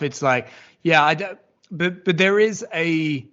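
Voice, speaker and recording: A man's voice: a little high, measured pace, sharp tone. A man co-hosting a podcast in casual chat, rambling and hedging, swearing now and then. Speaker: podcast co-host. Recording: slightly dull audio.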